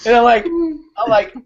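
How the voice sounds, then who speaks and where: A man with a slightly high voice is a talk show guest, telling stories in casual conversation with lots of laughter and filler words. The audio is muffled, lo-fi and very noisy.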